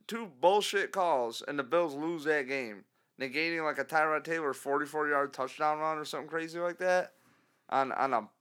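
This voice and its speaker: A man co-hosting a casual sports podcast, ranting with animated asides and mock caller voices. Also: on the high side, normal speed, clean tone. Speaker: podcast co-host.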